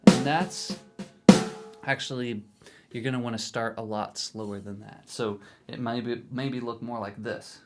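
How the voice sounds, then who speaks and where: A man's voice: medium pitch, fairly even intonation, a little slow, music in the background. A man teaching a drum lesson in a casual, encouraging way, often checking in with the viewer. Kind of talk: instructional video lesson.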